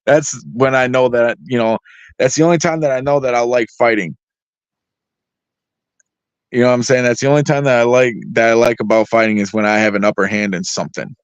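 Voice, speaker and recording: A man's voice: mid-range voice, steady tone, fairly quick, clear, resonant tone, dry recording. A man tells loose stories in a mid-range voice, swearing constantly and wandering through "like" and "you know". The recording is dry and a little dull, like a lo-fi setup. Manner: heavily profane, rambling with fillers. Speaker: guest artist. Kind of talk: casual storytelling. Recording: dry, slightly dull lo-fi sound.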